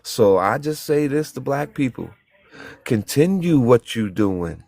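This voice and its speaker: A man's voice: mid-range voice, expressive, measured pace, vocal fry, darkish tone. A man in a heated group talk, preaching and telling stories with acted-out quotes and some cussing. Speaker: panelist. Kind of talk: impassioned group discussion.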